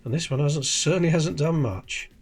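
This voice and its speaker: A man's voice: fairly high pitch, moderate pace, a little mellow, slightly rough, soft background music. A man hosting a coin collecting channel, chatting casually and explaining details while handling coins. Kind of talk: casual coin-sorting commentary.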